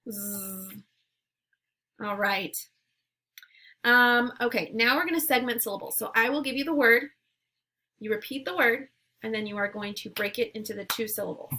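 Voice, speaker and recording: A woman teacher leading a phonemic awareness lesson, saying words and sounds slowly and clearly, with short words of encouragement between drills. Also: a little high, bright, forceful tone. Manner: slow, clearly enunciated drills.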